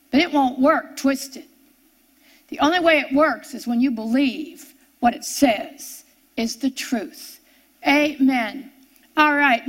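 A woman preaching a sermon, animated and emphatic, her voice rising on repeated phrases. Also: high voice.

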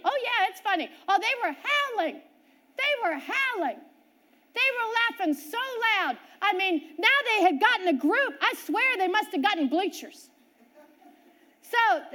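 With an extremely high pitch, a middle-aged woman gives a sermon centered on her own experience. Her storytelling swings lively from loud to soft.

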